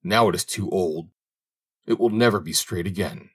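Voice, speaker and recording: A man's voice: sits low, moderate pace, slightly rough. A man voicing a grown son who has become a master thief, speaking in a self-assured way in a storybook audiobook. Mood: confident. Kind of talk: audiobook reading.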